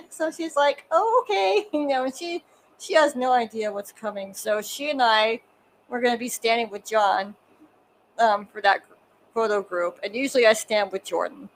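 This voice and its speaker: Woman, fairly high voice, casual podcast chat, animated storytelling, acts out quotes. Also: moderate pace, long pauses, poor audio.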